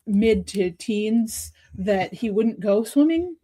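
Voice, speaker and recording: A middle-aged woman with a mellow, warm tone joining a relaxed chat. She chimes in with amused, quick remarks and short stories. Her pitch sits mid-range. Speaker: panelist. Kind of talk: casual livestream chat.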